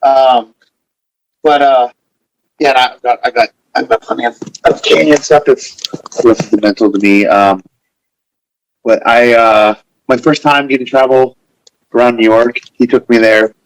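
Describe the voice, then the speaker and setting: A man's voice: medium pitch, measured pace, long pauses, no room sound, low-quality recording. A man, a guest on a podcast, telling rambling stories in a casual chat and acting out what others said. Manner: rambling, animated storyteller acting out quotes. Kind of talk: casual storytelling.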